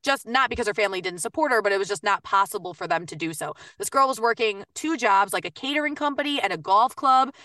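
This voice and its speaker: A woman voice actor and coach talking in a casual podcast interview, chatty and upbeat with quick bursts and lots of fillers. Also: mid-range voice, sharp tone, dry recording, clean studio sound, distant mic.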